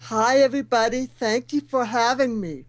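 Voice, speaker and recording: A woman's voice: on the high side, normal speed, no room sound, low-quality recording. Lady guest w/ hearing loss speech impediment, funny storyteller, dry close sound. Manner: warm storytelling, self-deprecating humor. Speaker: guest speaker. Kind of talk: talk show interview.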